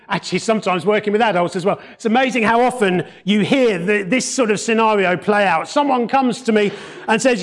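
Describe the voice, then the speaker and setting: A man preaching a sermon in a conversational way, with wry asides, dropping to a hush for emphasis. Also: sits high. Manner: expressive, varies tone and drops to a hush for emphasis.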